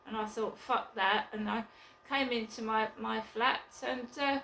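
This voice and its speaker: A woman vlogging from her flat, chatting casually and bluntly in a rambling way, with occasional swearing. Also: on the high side, a little slow, gravelly, echoey room, slight background noise, rough recording. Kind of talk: casual chat to camera.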